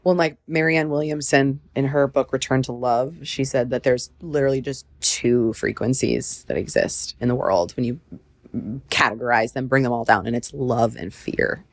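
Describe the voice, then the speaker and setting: A woman's voice: rumbling low, normal speed. A woman hosting a podcast, casual and reflective, affirming her guest often. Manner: supportive listener, frequent affirmations, reflective. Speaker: podcast host. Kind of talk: casual conversational interview.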